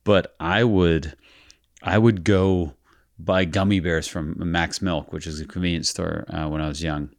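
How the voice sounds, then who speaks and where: Deep-voiced wry man on a podcast. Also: steady tone, measured pace, gravelly, no room sound, studio quality. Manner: laid-back, wry, self-deprecating. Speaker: podcast co-host. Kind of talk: casual chat.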